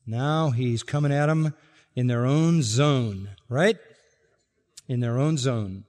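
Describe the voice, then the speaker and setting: A man preaching an expository sermon, emphatic, dropping to quiet asides and rising to loud, stressed quotations. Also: medium pitch, slow, in a large hall. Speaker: pastor.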